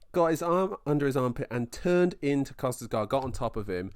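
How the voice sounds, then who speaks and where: A young man co-hosting a casual sports podcast, rambling and excitable as he retells a fight. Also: mid-range voice, brisk, clean tone, no room sound, clean studio sound. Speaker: podcast co-host.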